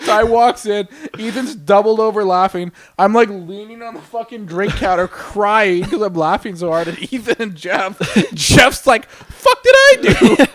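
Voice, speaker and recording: A man's voice: high-pitched, fairly even intonation, normal speed, few pauses. A man from Canada co-hosting a stream, telling a profane story in casual chat and acting out the quotes while laughing. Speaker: stream co-host.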